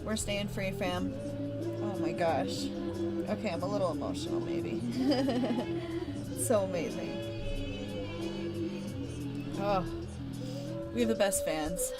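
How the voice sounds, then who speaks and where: Band lady on a livestream, gushy and emotional, laughs a lot, songs playing loud in the background. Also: mid-range voice, sing-song, slow, pauses often. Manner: effusive, emotional, laughs often. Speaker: band member hosting a livestream. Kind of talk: casual livestream chat with fans. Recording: music playing behind the voice.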